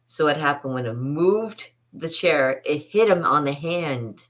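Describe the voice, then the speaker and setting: Bright-voiced woman telling stories, laughing a lot. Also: low voice, measured pace. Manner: rambling, animated, laughs often, restarts. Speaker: vlog host and artist. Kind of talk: casual storytelling to camera.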